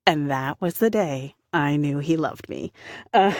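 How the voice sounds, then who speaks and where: Low-voiced woman telling an anecdote. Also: unhurried, no echo, studio quality. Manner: warm-hearted, self-deprecating, chatty. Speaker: voice actor. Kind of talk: personal anecdote.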